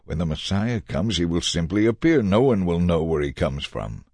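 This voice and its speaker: A man narrating a dramatized Bible reading with expressive delivery, shifting into voices for the characters. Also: low-pitched, normal speed, no echo. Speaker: scripture reader.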